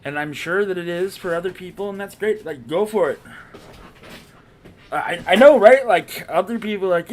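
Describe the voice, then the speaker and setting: A man's voice: high-pitched, animated, normal speed. A man streaming a video game, chatting casually in a rambling, profane, self-mocking way. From Irish heritage.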